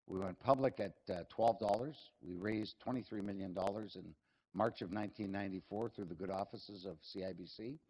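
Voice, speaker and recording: Low-voiced older man telling stories. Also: a little fast, darkish tone, breathy edge, poor audio. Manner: rambling, self-deprecating, humorous, many fillers. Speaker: company chief executive, interview guest. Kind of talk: anecdotal storytelling at a live fireside chat.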